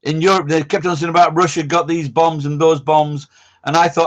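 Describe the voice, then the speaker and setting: A man's voice: on the high side, fairly even intonation, fairly quick, fairly bright tone. A man, hosting a casual live-stream chat, rambling, blunt and swearing constantly. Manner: rambling, blunt and heavily profane.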